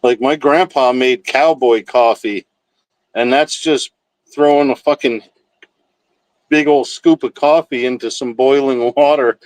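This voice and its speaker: A man of middling pitch rambles through casual stories, dropping curse words as easily as fillers. He sounds close to the mic in a dry, deadened room. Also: steady tone, unhurried, no echo, poor audio. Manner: rambling, profane, laid-back storytelling. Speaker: livestream host. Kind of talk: casual chat with live chat.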